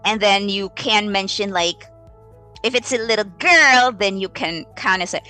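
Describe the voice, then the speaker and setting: Slow, bright-voiced woman teacher. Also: mid-range voice, soft background music. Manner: animated, models exaggerated reading voices. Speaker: ESL teacher. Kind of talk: live-streamed teaching tips.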